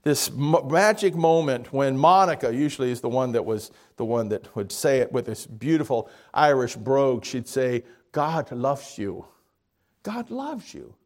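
A man's voice: mid-range voice, moderate pace, hardly any pauses. A man preaching a conversational sermon, asking his congregation questions and correcting himself as he goes. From Miami area, Florida.

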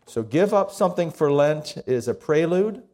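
Conversational male pastor preaching. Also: a little high. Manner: conversational, lively storytelling with pauses. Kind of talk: sermon.

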